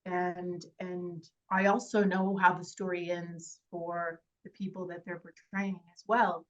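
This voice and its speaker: A woman, an actress, talking in an interview in a heartfelt, halting way with many fillers and restarts. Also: on the low side, level tone, dull audio. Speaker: actress guest. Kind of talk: casual interview chat.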